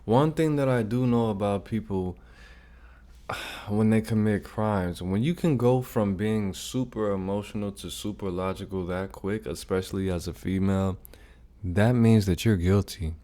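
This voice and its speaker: A man's voice: fairly low pitch, a little slow, dark tone. A man hosting a reaction video, giving emphatic commentary and repeating his points insistently.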